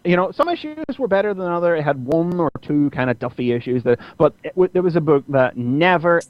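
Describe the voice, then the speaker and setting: A man's voice: brisk, dry recording. A man co-hosting a podcast, casually retelling a comic with many restarts and fillers. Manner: animated retelling, puts on squeaky voices for characters. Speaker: podcast co-host reviewing comics. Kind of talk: casual chat. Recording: dry, dull lo-fi audio.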